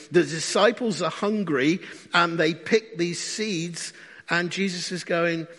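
A man's voice: a little high, a bit bright. A man preaching a sermon in a conversational way, often asking the congregation questions. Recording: long hall reverb.

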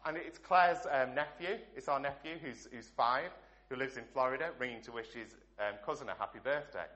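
Bright-voiced English pastor preaching. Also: male voice, mid-range voice, brisk. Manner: earnest preaching with rhetorical questions and dropping endings. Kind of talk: sermon.

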